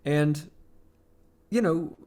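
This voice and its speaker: A man co-hosting a podcast in casual chat, wry and halting, with frequent restarts. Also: a little high, mellow. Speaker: podcast co-host.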